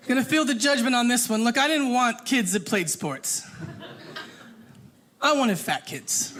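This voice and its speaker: A woman performing a stand-up comedy set on stage, animated and acting out the people in her stories. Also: on the high side. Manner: animated, acts out voices. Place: stage before a live audience. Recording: noisy live comedy room.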